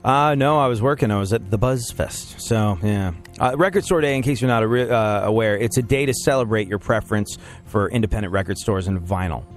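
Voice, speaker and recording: A man's voice: on the low side, brisk, hardly any pauses, faint music behind. A man hosting a radio show, rambling through jokes and laughing often. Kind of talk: casual banter on a radio show.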